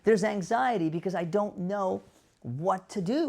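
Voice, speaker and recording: A man who is a doctor giving direct-to-camera advice to dementia caregivers, animated, asking rhetorical questions and acting out the voices he quotes. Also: high voice, normal speed, gravelly.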